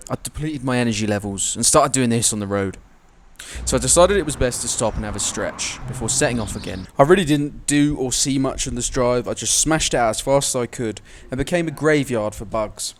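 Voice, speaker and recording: A young man narrating his own motorbike trip in a casual travel vlog, cheeky and self-mocking, with bursts of excitement. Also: mid-range voice, slight background noise. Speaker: travel vlogger.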